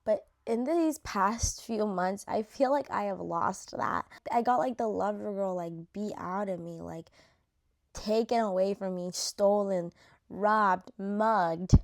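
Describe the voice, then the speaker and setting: A woman's voice: medium pitch, takes it slowly, vocal fry. A young woman vlogging in casual chat, gushing and chatty, leaning on "like" and dropping swear words, her voice a little worn. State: losing her voice. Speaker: vlogger ranking reality show cast.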